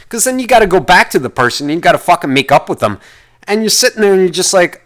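A man's voice: mid-range voice, lively intonation, fast, a bit bright. A man hosting a solo podcast, ranting in a rambling way and swearing constantly as he vents. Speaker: podcast host. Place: lives in the United States.

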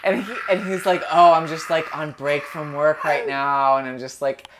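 A man's voice: on the high side, moderate pace, few pauses, a little hiss or hum. A young man chatting casually, telling a story full of "like" and acted-out quotes. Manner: animated storyteller, heavy filler "like", acts out quotes. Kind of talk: casual chat.

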